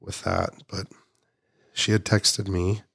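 A man with a lowish, gravelly voice talks with deep earnestness, often dropping soft and quiet. His voice sits close to the mic in a dry, dead studio. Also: huge pitch swings, slow pace, no room sound. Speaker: guest, nonprofit founder. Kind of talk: heartfelt podcast conversation.

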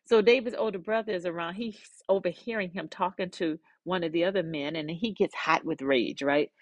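A woman podcast host narrating a story in a lively, conversational way with asides. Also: fairly low pitch, brisk, hardly any pauses, dry recording.

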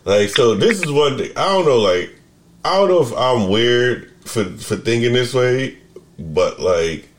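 A man's voice: medium pitch, animated, measured pace. A man hosting a podcast in casual chat, rambling and restarting his sentences as he thinks aloud. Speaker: podcast host.

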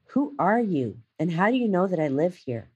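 A woman's voice: fairly low pitch, very animated, normal speed, husky, muffled recording, voice pushed up, full character voice. A woman doing a confused sweet old aunt in her eighties. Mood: bewildered. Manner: bewildered, brightening questions.

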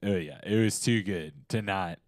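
Low-voiced young man hosting a chat. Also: moderate pace, no room sound, clean studio sound. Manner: rambling, full of fillers and restarts. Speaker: podcast host. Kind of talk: casual chat.

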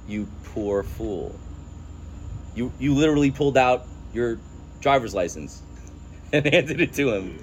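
A man's voice: medium pitch, expressive, slow, long pauses, a little hiss or hum. A man teaching a class on scripture, emphatic, weaving quoted verses into his explanations and laughing at his own points. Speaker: religious studies teacher. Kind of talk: text-study lecture with a class.

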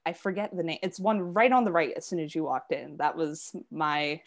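Young woman guest: reads poetry, then chats loosely, chatty and quick to laugh. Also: sits low. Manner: laughs often, chatty with many fillers. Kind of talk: poetry reading and casual chat.

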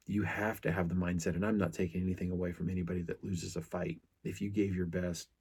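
A man's voice: low voice, level tone, fast, a little mellow, husky. A middle-aged man hosting a podcast, telling stories in an earnest, casual way with frequent restarts. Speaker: podcast host.

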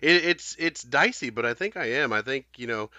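A man's voice: mid-range voice, lively intonation, normal speed, pushed and bright, no room sound. A man co-hosting a casual podcast discussion, thoughtful and hedging, with frequent fillers. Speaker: podcast co-host. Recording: dull lo-fi dry podcast audio.

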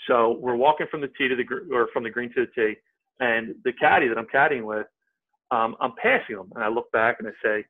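A man, a podcast guest, telling a story in a casual, animated way and acting out what people said. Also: mid-range voice, fast talker. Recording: tinny phone-like line.

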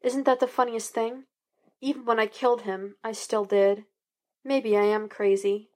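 A woman voicing a troubled female killer who speaks quietly and wistfully. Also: fairly high pitch, flat delivery, a little slow, close to an everyday voice.

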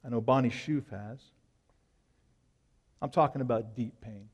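A male pastor preaching an impassioned sermon, swinging between loud, urgent lines and hushed ones. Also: mid-range voice, lively intonation, normal speed, gravelly, pauses often, in a large hall.

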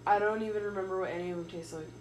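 A woman's voice: medium pitch, steady tone, rapid-fire, darkish tone. A young woman chatting casually and reminiscing, says "like" often. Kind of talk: casual chat. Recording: echoey room with faint noise.

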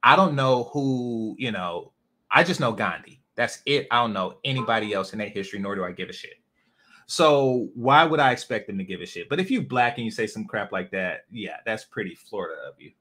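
A man's voice: mid-range voice, expressive, fairly quick, sharp tone. A man from California hosting a casual livestream, ranting bluntly with lots of profanity and rambling asides. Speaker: host.

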